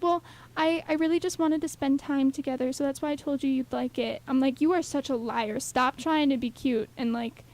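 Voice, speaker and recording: A young woman co-hosting a radio show, talking in an animated, rambling way full of fillers. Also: high-pitched. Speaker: radio co-host. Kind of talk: casual radio chat.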